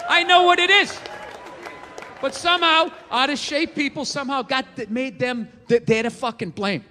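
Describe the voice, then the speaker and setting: A man in his forties rants through a stand-up set in a very high, bright, forceful voice, swearing as he goes. The big room carries a long reverb, with the audience and a low noise behind him. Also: moderate pace. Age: 40s. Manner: ranting, profane, incredulous. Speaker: stand-up comedian. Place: large theater stage. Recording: live theater, long reverb, crowd and noise.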